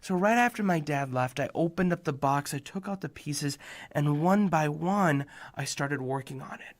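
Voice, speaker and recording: A young man telling a personal story to children, animated and speaking directly to the listeners. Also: moderate pace. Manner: animated, addresses kids directly, jumps in pitch and loudness for emphasis.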